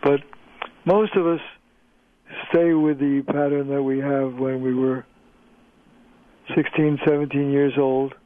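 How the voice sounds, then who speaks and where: A male linguist, a guest on a radio interview, explaining in a measured way with frequent pauses over the phone. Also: mid-range voice, level tone, no room sound. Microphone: telephone. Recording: tinny phone line, dry.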